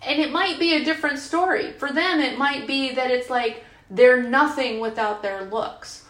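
A woman's voice: high voice, moderate pace, fairly bright tone. A woman in her fifties speaking frankly at a recovery group retreat, chatty and full of fillers. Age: 50s. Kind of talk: casual group share. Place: retreat meeting room. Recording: roomy, imperfect recording.

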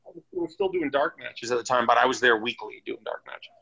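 A man with a gravelly, bright, forceful voice tells his stories bluntly and with plenty of swearing. The recording is dull and lo-fi. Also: medium pitch, quick pace. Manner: blunt, profane, animated storyteller. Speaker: guest, former wrestler. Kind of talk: casual storytelling. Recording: dull lo-fi sound.

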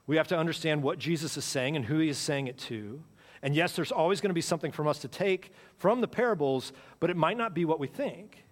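A man's voice: fairly high pitch, quick pace. Man preaching in a reverberant hall. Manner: conversational preaching with repeated phrases and dramatic swings in volume. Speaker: pastor. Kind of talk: sermon. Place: church sanctuary.

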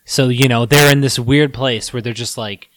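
A man's voice: medium pitch, fairly even intonation, normal speed, fairly bright tone, no room sound. A man co-hosting a casual podcast chat, joking and laughing often. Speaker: podcast co-host.

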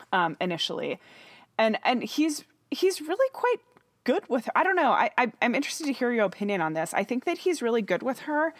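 A woman's voice: medium pitch, dry recording. A woman co-hosting a podcast chats casually, laughing often and restarting her thoughts. Her voice sits in a middle range. It is recorded close and dry. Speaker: podcast co-host. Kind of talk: casual chat.

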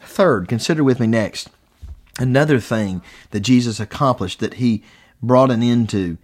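A man preaching a sermon, reading scripture with deliberate, emphatic pauses. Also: medium pitch, a little mellow.

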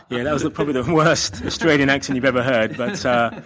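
A man's voice: medium pitch, quick pace, fairly bright tone. London man answering interview questions. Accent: London English. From London, England. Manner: thoughtful, fluent, with frequent "you know". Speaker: guest.

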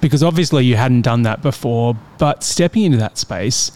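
A man's voice: mid-range voice, moderate pace, a little mellow. An Australian man hosting a podcast, asking long, reflective questions full of fillers. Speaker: podcast host. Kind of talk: interview conversation.

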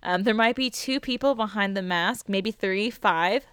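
A woman's voice: medium pitch, measured pace, fairly bright tone, clean tone, no echo. A woman co-hosting a podcast in casual chat, crude and playful, laughing often. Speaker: podcast co-host.

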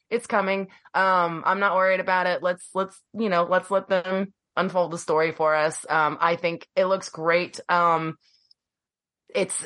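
A woman's voice: lowish voice, fairly bright tone. A woman co-hosting a podcast, gushing emotionally about a show with many ums and likes. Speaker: podcast co-host. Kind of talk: casual podcast review.

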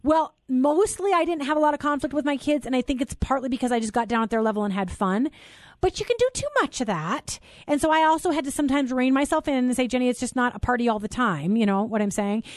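A woman's voice: high-pitched, lively intonation, fast talker, no room sound, studio quality. A middle-aged woman hosting a talk show, chatty and affirming. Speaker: host. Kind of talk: casual chat.

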